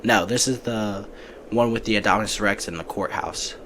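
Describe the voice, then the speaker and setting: A man's voice: on the low side, moderate pace, fairly bright tone, a little hiss or hum. A man hosting a casual movie podcast, giving breezy opinions and often restarting his sentences. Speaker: podcast host.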